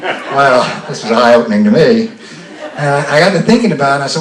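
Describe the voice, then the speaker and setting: A man's voice: medium pitch, lively intonation, fairly quick, slight background noise. An older man from the American South telling a folksy, self-deprecating story live on a festival stage, often stammering and restarting. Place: festival stage before an audience. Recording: roomy sound from a distant mic.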